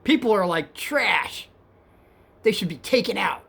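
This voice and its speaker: A man's voice: high-pitched, big pitch swings, slow, gravelly, pushed and bright, slightly rough, voice pushed up, heavily acted. A man putting on a menacing hostile passenger.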